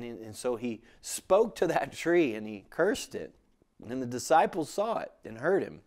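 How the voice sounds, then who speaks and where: Male Bible teacher, mid-range voice, casual sermon delivery with frequent restarts. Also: mid-range voice. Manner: conversational, restarts often, emphatic when quoting scripture.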